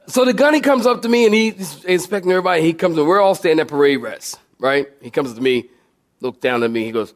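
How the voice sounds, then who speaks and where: A male pastor delivers a sermon in a high, lively voice. He tells stories with humor and animation and talks directly to the congregation. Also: fairly quick. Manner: southern-style "y'all" to congregation.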